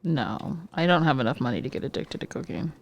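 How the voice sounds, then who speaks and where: A woman's voice: rumbling low, sing-song, brisk, creaky, dull audio. A woman co-hosting a podcast in casual chat, with wry, sarcastic quips. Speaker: podcast co-host.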